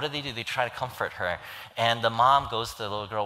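A man's voice: medium pitch, brisk, bright, forceful tone. A man preaching a sermon in earnest, pleading tones, retelling a story and acting out its voices. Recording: long hall reverb.

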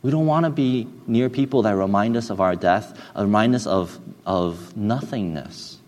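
A man preaching a sermon in an earnest, hesitant way, often restarting and dropping soft and low when he tells a story. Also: moderate pace. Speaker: pastor. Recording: long hall reverb.

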